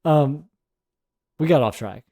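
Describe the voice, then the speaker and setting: Mellow-voiced man co-hosting a casual podcast. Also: a little high, expressive, slow. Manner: defensive, stammering restarts. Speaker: podcast co-host. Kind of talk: casual chat.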